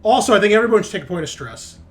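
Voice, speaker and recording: A man running a tabletop game as game master, relaxed and joking, often pausing with fillers. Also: sits high.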